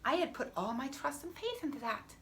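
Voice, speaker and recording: A woman's voice: sits high, very animated, fairly quick. A woman speaks in a slightly raised voice as a health coach telling her own story to the camera. She is emphatic, circles back on her phrases, and sometimes drops to a near whisper. A little background noise sits under her voice. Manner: emphatic, repeating phrases, dropping to a hush for effect.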